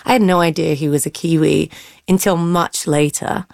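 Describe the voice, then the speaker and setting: A woman critic gives chatty, opinionated takes in an arts radio discussion. Her voice is low, and the studio sound is dry. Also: fairly even intonation, normal speed, gravelly, no room sound. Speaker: film critic.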